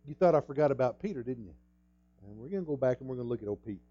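A man preaching a sermon in an emphatic way, repeating words and jumping up loud at key points. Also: mid-range voice, animated, rapid-fire, highs cut off. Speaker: pastor.

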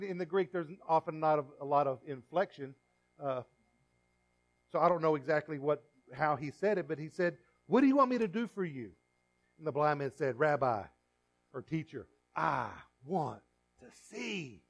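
A pastor preaching a sermon in church, swinging from quiet asides to loud, emphatic peaks. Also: male voice, fairly high pitch, lively intonation, moderate pace.

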